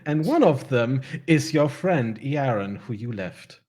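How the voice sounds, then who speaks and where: A man's voice: mid-range voice, animated, a little slow, darkish tone, breathy edge. A man narrating a tabletop fantasy game as game master, often laughing as he describes the scene.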